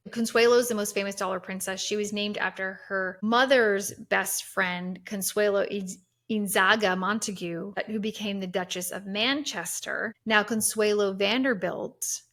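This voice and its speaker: A woman's voice: medium pitch, fairly even intonation, normal speed, a bit bright. A woman hosting a podcast, retelling a history story in casual chat with many fillers and restarts. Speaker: podcast host.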